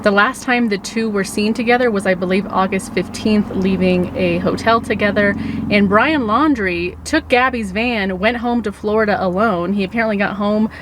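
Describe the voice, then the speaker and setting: A woman's voice: mid-range voice, moderate pace, background noise. A woman talking earnestly in a casual vlog from her car, with many restarts and asides. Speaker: vlogger. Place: in a car in the mountains.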